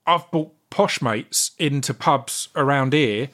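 A man's voice: medium pitch, takes it slowly, a bit bright. A man hosting a casual interview, enthusiastic and casually swearing, often restarting his sentences. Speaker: interviewer host.

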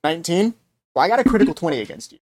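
A man running a tabletop game as game master, narrating scenes and calling for rolls in a relaxed way. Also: a little high, very fast, poor audio.

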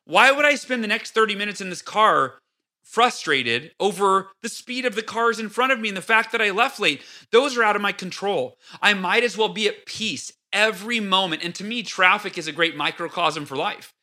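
A man's voice: high-pitched, moderate pace. A man in his thirties, a podcast guest talking casually and telling stories, acting out his own outbursts with energy. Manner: animated storyteller, acts out his own outbursts. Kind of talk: casual interview talk.

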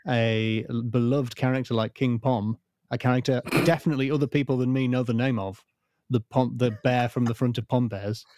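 A man's voice: medium pitch, fairly even intonation, fairly quick, darkish tone, no echo. A man chatting as a podcast guest, with a dry, self-mocking wit and an easy mid-range voice. His voice sits close and dry on the mic, with no room sound. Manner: dry, self-deprecating humour. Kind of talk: casual podcast chat.

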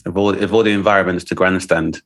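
Man, very deep voice, rapid, jumps in over the guest, podcast co-host. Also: steady tone, fairly bright tone. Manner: quick interjections, talks over the guest.

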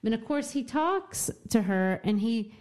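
A woman in a casual book discussion, retelling the story in an animated way. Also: on the high side, measured pace. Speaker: co-host discussing a novel.

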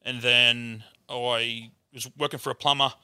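Australian man, podcast guest, bright edgy tone, loose swear-heavy storyteller. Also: medium pitch, flat delivery, measured pace, clean tone, no echo, studio quality. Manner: swears freely, rambling yarn-telling. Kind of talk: casual storytelling chat.

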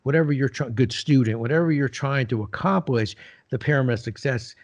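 A man's voice: mid-range voice, fairly quick. An older man, a business leader and podcast guest, telling stories in a casual interview and acting out the dialogue. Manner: animated storyteller, acts out quoted dialogue. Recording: slightly dull lo-fi sound.

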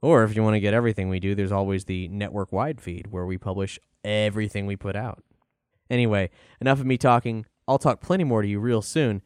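Clear-voiced male podcast host. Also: on the low side, fairly quick, no echo, clean studio sound. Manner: relaxed, chatty recommendations with fillers. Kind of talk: casual podcast outro.

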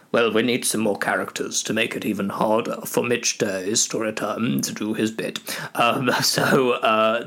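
A man's voice: lowish voice, fairly even intonation, unhurried, fairly bright tone. A man comically retelling a fantasy tale, rambling with lots of hesitations and self-mockery. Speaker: storyteller.

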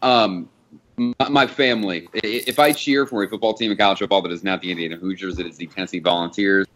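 Low-voiced man ranting about football. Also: fast talker. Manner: rambling, animated, swears and laughs often. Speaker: podcast co-host. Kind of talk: casual sports chat.

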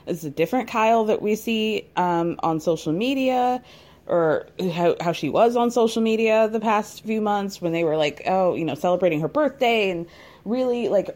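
Young adult woman, mid-pitched, casual gossipy recap host, quick sassy asides, frequent laughs. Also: darkish tone. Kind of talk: casual commentary.

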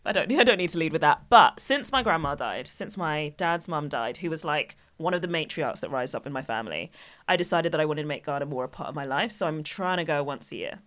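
A woman's voice: low-pitched, animated, a little fast, fairly bright tone. Laughing woman comedian telling stories. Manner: playful storytelling, laughs often. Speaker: guest comedian. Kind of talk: casual podcast chat.

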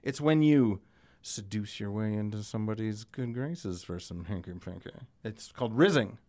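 Male podcast co-host, lively up-and-down delivery, profane and ranting. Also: fairly low pitch, normal speed. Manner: profane, ranting, animated banter. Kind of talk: casual chat.

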